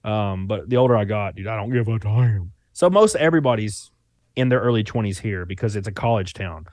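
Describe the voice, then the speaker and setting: A man in his thirties speaks with a thick Southern US accent. He rambles in a relaxed way and swears casually. The recording is close and dry, with no room sound. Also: on the low side, fairly quick, no echo. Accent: Southern US (Alabama). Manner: rambling, laid-back, swears freely. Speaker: podcast guest. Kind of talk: casual chat.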